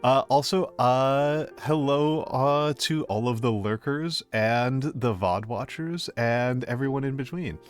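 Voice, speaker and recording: A man streams as a VTuber, chatting casually with his live viewers. His voice is medium-pitched and he takes it slowly with few pauses, rambling in a gently playful way and often repeating his own phrases.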